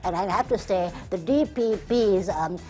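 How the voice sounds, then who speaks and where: A woman's voice: medium pitch, normal speed, music in the background, voice pushed up, lightly acted. A woman voicing a pompous, self-satisfied judge with a cultivated, drawling voice, as a comic character sketch. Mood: amused.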